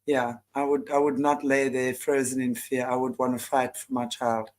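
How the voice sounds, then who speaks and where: A woman hosting an interview, answering in an emotional, halting way with many restarts. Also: very deep voice, little pitch movement, a little mellow. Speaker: host. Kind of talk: interview conversation.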